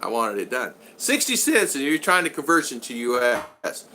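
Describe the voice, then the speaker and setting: A man's voice: medium pitch, lively intonation, fairly quick, bright, forceful tone, slight background noise. An older man telling rambling stories and answering his live chat, with many restarts and fillers. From United States. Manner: rambling anecdotal storyteller with frequent restarts. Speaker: vlogger reading live chat. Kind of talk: casual livestream chat.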